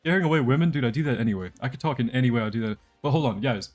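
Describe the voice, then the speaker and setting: A man's voice: mid-range voice, racing, darkish tone, highs cut off. A young man streaming a game live, chatting casually to his viewers in a rambling, joking way. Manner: rambling, joking, talks to chat while playing. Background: faint background music.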